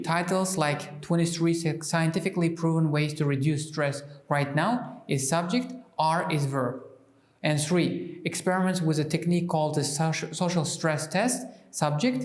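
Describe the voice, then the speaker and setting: Higher-voiced man teaching in an echoey room. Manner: hesitant, many restarts and fillers. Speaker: English teacher. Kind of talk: walkthrough of a textbook lesson.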